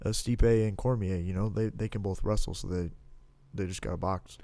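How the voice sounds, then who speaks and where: Rambling young man, low dry voice. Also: steady tone, moderate pace, mellow, no room sound. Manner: rambling, full of "like" and restarts, blunt and profane. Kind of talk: casual podcast chat about fighting.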